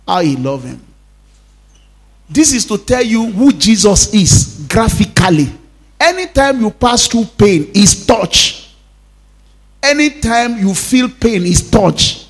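A man's voice: high-pitched, very animated, takes it slowly, vocal fry, slightly rough. A man, preaching a sermon to a congregation, repeating lines and calling for responses. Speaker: pastor.

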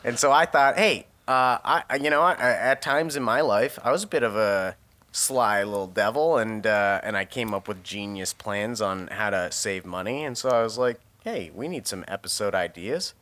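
A man's voice: fairly low pitch, moderate pace, pushed and bright. A man co-hosting a podcast, chatting casually in a jokey, rambling way and laughing often. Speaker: podcast co-host. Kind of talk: casual chat.

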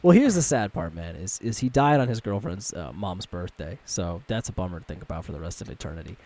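A man's voice: low voice, animated, quick pace, a little mellow. Casual swearing young man telling stories. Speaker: podcast co-host. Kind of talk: casual chat.

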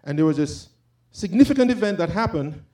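A man's voice: fairly high pitch, expressive, brisk, warm tone. A man giving an informal, impassioned sermon, talking conversationally and quoting scripture. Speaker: preacher.

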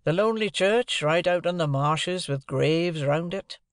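A man reading an audiobook, voicing a secretive, sly stranger who asks slow, probing questions. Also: a little high, no room sound, clean studio sound, pitched above the performer's own voice, natural voice. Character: secretive, sly middle-aged male stranger.

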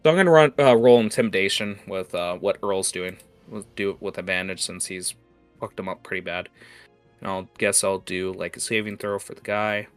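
A man's voice: low voice, normal speed, clear, resonant tone, faint music behind. A man narrating as game master in a casual, rambling way.

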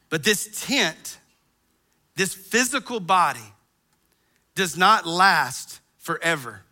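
Preacher guy, middle-aged, high bright voice, animated, acts stuff out. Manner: animated, acts out groans and quotes himself. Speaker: pastor. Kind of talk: sermon.

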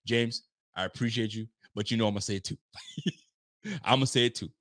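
At a moderate pace and medium pitch, with a fairly bright tone, a young man rants through his live sports stream. He is openly frustrated, swears freely and sometimes acts out what players say.

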